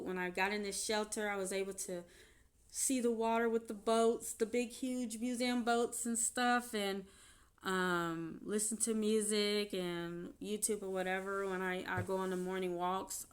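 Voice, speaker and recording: A woman's voice: medium pitch, a bit bright. A woman vlogger telling a personal story in an unscripted, rambling way, often restarting her sentences. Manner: rambling, emotional retelling with frequent restarts.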